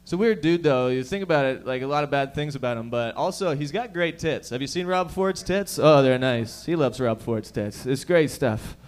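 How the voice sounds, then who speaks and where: A young man with a mid-range, animated voice hosts a stand-up set at a comedy lounge. He's from the Toronto area of Canada, and he throws rapid, profane jokes at the audience.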